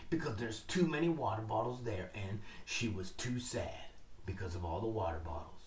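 A man's voice: lowish voice, moderate pace, distant mic. A man telling a story to listeners, dramatic and calling out to them. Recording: roomy, from off mic.

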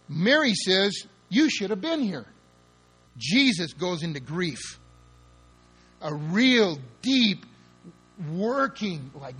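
A man's voice: high-pitched, fairly bright tone, breathy edge. A man preaching a sermon with emphatic, dramatic delivery, acting out the scenes he describes. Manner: emphatic, dramatic, spells words out and acts out quotes.

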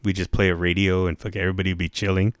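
A man's voice: sits low, little pitch movement, rapid-fire, no room sound, clean studio sound. A man telling a casual story full of slang and swearing, jumping his voice up to act out what people said. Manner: profane, slangy, acts out quotes in a raised voice.

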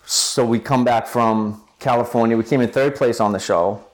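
A man's voice: medium pitch, steady tone, moderate pace. A young man, an interview guest, telling his story in a rambling way, full of fillers and restarts. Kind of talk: storytelling in conversation.

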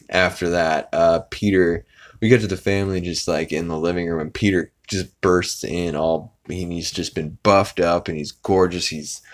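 A man hosting a podcast, casually retelling a cartoon episode in a rambling way, with lots of fillers and laughing along. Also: low-pitched. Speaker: podcast host.

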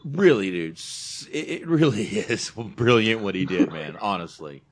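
A man's voice: lowish voice, expressive, unhurried. A man hosting a podcast in casual chat, emphatic, swearing and saying "dude" a lot. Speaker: podcast host.

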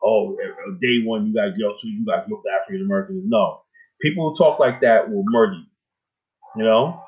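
Over narrow, phone-like audio, a man hosts a laid-back talk show with a fairly low-pitched voice and a slightly quick pace. He chats loosely and keeps closing his points with "you know what I'm saying."

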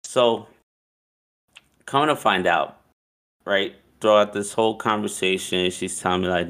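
A man casually telling a long personal story, animated and profane, acting out what people said. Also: lowish voice, measured pace, long pauses, smooth. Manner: animated, profane, acts out quotes with laughs.

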